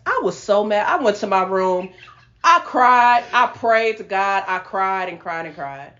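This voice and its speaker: A woman hosting a podcast, telling a personal testimony in animated, casual storytelling that breaks into laughter. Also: medium pitch, measured pace, a little hiss or hum. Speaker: podcast host. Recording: lo-fi sound.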